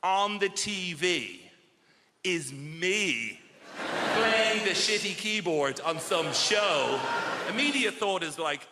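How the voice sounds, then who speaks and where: A man performing a stand-up routine, telling quick stories and acting out the quotes. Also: sits high, animated, noisy background. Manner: brisk storytelling with acted-out quotes and asides. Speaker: stand-up comedian. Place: large theatre stage. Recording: echoey theatre with loud crowd laughter.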